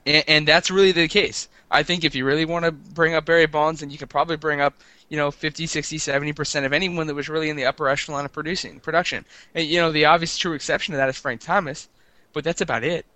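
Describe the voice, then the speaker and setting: A man talks sports at a fast clip on a show he co-hosts, his tone bright and forward. He rambles, teases and trips over his words as he restarts sentences. The sound is dry and close. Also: a little high, fairly even intonation, no room sound. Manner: rambling, stammering restarts, teasing. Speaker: podcast co-host. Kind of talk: casual sports talk.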